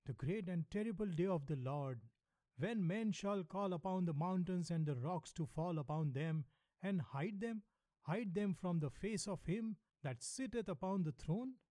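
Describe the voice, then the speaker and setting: A man's voice: high-pitched, a little slow, mellow, no room sound, voice pushed up. A man voicing a frightened, half-unhinged curate who talks in a plaintive, complaining way. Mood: despairing. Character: frightened, unhinged middle-aged male curate.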